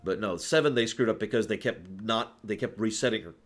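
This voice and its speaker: A man's voice: lowish voice, fairly quick. A man hosting a casual livestream, talking through his opinions in a rambling way, with restarts and sighs. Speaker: streamer host.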